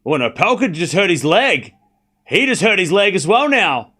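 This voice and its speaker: A young man hosting a live tennis watchalong stream, chatting casually and excitedly repeating the score as points are played. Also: high-pitched, normal speed. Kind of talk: live casual play-by-play commentary.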